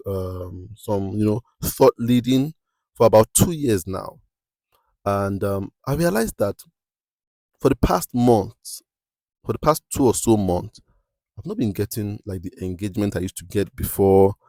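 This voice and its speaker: A young adult man hosts a motivational podcast, delivering an emphatic, preachy monologue and frequently asking "you understand?" His voice climbs sharply in pitch whenever he presses a point. The tone is darkish, and the studio-quality recording has no echo.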